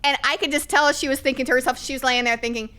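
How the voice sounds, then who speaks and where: Middle-aged woman, animated storyteller on a podcast, highish smooth voice. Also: racing. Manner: lively, animated, emphatic storytelling. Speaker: podcast guest. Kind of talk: candid conversational storytelling.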